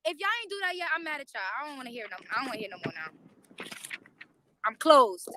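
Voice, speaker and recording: A woman on a casual live stream, talking straight to her viewers in an animated, profane way, recorded on a phone near a courthouse overflow room. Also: high-pitched, racing, noisy background. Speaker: YouTube livestreamer.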